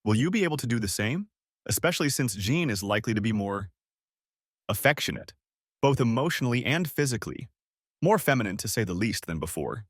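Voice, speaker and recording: A man voicing a calm older male friend who smokes a pipe, speaking in a deep, measured, non-judgmental way in an audiobook story. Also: slightly rough, no echo, studio quality. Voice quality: deep bass. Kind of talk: audiobook character reading.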